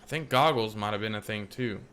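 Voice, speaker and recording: A man's voice: lowish voice, a little fast, sharp tone, clean tone. A man doing casual game commentary, musing and rambling as he plays. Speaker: let's play host.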